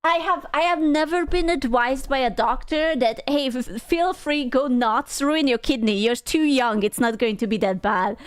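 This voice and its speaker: Young female streamer, high-pitched, animated storyteller who laughs and cusses. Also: clear, resonant tone, no room sound, studio quality. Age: young adult. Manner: animated, laughs often, swears freely. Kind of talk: casual storytelling to chat.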